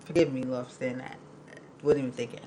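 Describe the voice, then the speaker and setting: A woman hosting a live podcast in casual chat, emotional and quick to laugh, talking in a loose, rambling way. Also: a bass voice, steady tone, mellow, slight background noise, rough recording. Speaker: podcast host.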